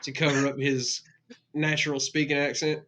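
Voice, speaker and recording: Wry man with a bright voice. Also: fairly high pitch, level tone, normal speed. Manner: wry, hesitant with fillers. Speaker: player. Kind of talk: casual tabletop chat.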